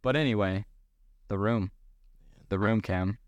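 A man co-hosting a casual movie-review chat, talking in an incredulous, animated way and laughing often. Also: lowish voice, unhurried, dry recording. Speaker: podcast co-host.

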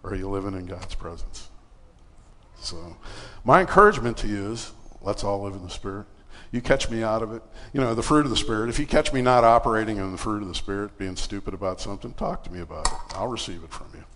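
A man's voice: fairly low pitch, quick pace, in a large hall. A man preaching in church, telling a personal story in a casual, conversational way and acting out the voices in it. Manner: casual, conversational storytelling with fillers and animated quoted dialogue.

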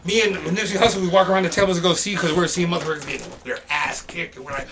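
A middle-aged man casually telling a story on a podcast, animated and swearing, shouting out the quoted lines. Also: sits high, fast talker, vocal fry, distant mic, heavy background noise. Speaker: podcast guest.

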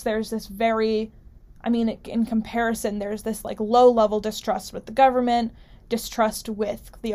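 A young woman hosts a radio talk show in a loose, chatty way. She is full of fillers and restarts, and she is wry about the news. Her voice sits a bit high for a woman. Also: darkish tone. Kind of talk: casual political commentary.

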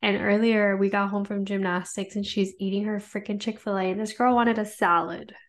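A young woman and mother in casual chat, telling animated stories about her daughter. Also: medium pitch, brisk. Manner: chatty, animated storytelling.

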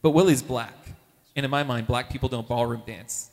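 A man telling a lively faith story as a testimony, acting out the voices of the people in it. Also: a little fast. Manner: animated, acts out quoted voices with big pitch jumps. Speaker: speaker at a Catholic gathering. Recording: long hall reverb.

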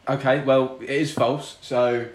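A man's voice: medium pitch, flat delivery, measured pace. A man hosting a podcast, running a quiz segment in casual, teasing banter. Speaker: podcast host. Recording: roomy with faint noise.

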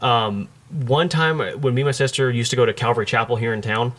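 A man hosts a relaxed podcast conversation at an average pitch. He rambles through his stories, leaning on fillers and restarting sentences as he goes. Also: a little fast. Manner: rambling, heavy on fillers like "like" and "you know". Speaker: podcast host. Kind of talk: casual podcast chat.

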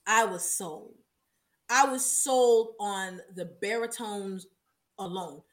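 A woman from South Florida, co-hosting a podcast and reminiscing in casual chat, animated and quick to laugh as she acts out old quotes. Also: mid-range voice. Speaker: podcast co-host.

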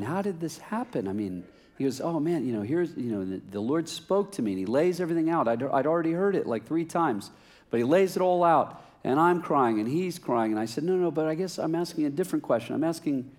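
A middle-aged man preaching a sermon, telling a personal story with self-mocking humor and acting out the dialogue. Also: fairly high pitch. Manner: animated, self-mocking, acts out dialogue with rising laughter.

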